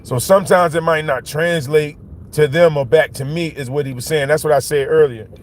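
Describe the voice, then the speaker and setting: A man's voice: on the high side, steady tone, a little fast. Rambling, emphatic man on a livestream. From Philadelphia. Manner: rambling, emphatic, keeps asking "you know what I'm saying". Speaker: livestream host. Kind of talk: casual livestream monologue. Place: outdoors, walking home on a street. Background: faint traffic.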